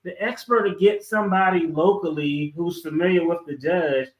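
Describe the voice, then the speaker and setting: A man's voice: a little high, steady tone, moderate pace, echoey room, poor audio. A man, a guest lawyer, chatting casually on a video call and telling stories with a laid-back, chuckling manner.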